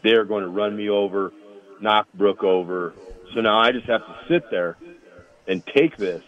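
Low-voiced man on a tinny phone line. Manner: rambling, laughs through anecdotes. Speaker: former college offensive lineman, guest. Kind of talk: casual storytelling.

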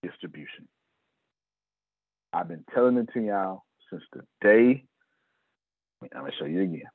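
A man's voice: low voice, moderate pace, no echo. Middle-aged guy hyping his business plans, voice jumps all over, tinny phone sound. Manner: animated, acts out conversations with shifting voices. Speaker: business speaker addressing his team. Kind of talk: animated business pep talk.

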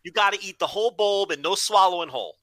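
A man co-hosting a podcast, telling a story with plenty of swearing in a casual, animated way. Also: high-pitched, quick pace, no echo, rough recording. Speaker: podcast co-host.

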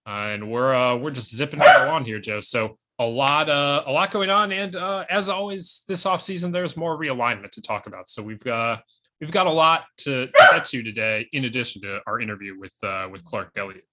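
A man's voice: medium pitch, fairly quick, sharp tone. A man co-hosting a sports podcast in casual chat, loose and full of filler words and restarts. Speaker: podcast co-host.

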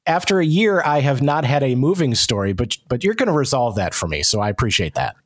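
A man's voice: medium pitch, big pitch swings, quick pace. A man hosting a podcast, chatting casually and rambling with many fillers. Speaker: podcast host. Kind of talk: casual conversation.

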